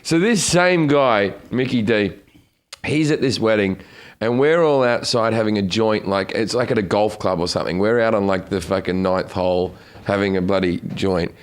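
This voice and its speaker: A man's voice: on the low side, moderate pace, clear, resonant tone. A man hosting a comedy podcast, telling crude stories in a loose, rambling way. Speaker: podcast host. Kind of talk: casual comedy podcast chat.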